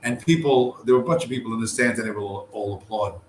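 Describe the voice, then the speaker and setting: A man speaking at medium pitch talks fast in a loose, rambling travel chat to camera, swearing freely and stumbling through fillers and restarts. The camera-mic audio is reverberant, with a little hiss or hum.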